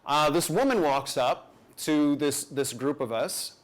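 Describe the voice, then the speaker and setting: A man's voice: fairly high pitch, unhurried. Man telling a playful story live. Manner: conversational, self-deprecating, playful asides.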